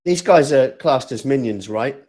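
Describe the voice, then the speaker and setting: A man's voice: medium pitch, animated, measured pace, a little mellow. A man playing a tabletop game, eagerly asking questions and restarting his sentences. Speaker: player. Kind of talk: casual tabletop game play.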